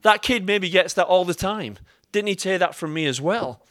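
An English man preaching a sermon, with a voice pitched a little high for a man. He speaks to his congregation directly and tells stories in a chatty way, with humour aimed at himself. The recording is dry, with no room echo. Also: animated, moderate pace, a bit bright. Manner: chatty storytelling with self-mocking humour. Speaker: pastor.

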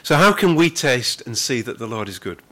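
A man preaching a sermon as pastor, earnest, with frequent repeated words, who slows down to stress the scripture he reads. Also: medium pitch, big pitch swings, sharp tone.

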